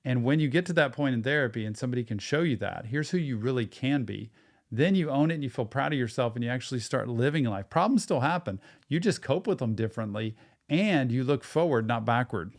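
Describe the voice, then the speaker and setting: A man's voice: mid-range voice, lively intonation, brisk. A man hosting a live reaction show, breaking down song lyrics in an earnest, explanatory way.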